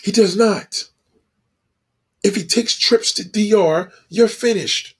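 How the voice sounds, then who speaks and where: A man's voice: high-pitched, slow, slightly rough. A man delivering a heated, profane opinion monologue with emphatic, ranting delivery. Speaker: commentator.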